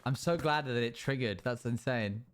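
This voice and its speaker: A man's voice: medium pitch, normal speed, slight background noise. A young man streaming a game, chatting casually and playfully with his viewers and laughing often. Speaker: livestreamer. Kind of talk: casual gaming stream chat.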